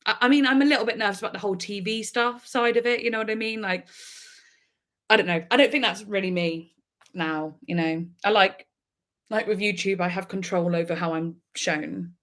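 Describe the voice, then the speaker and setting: A woman talks casually to her livestream viewers in a mid-pitched voice. She rambles from one thought to the next and often breaks into laughter. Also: a little fast, a bit bright. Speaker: music reaction YouTuber.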